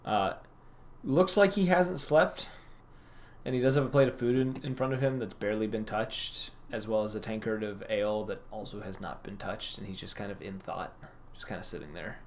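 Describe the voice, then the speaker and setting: A man's voice: lowish voice, normal speed, slight background noise. A man narrating a tabletop role-playing game as game master, loose and rambling, with many fillers.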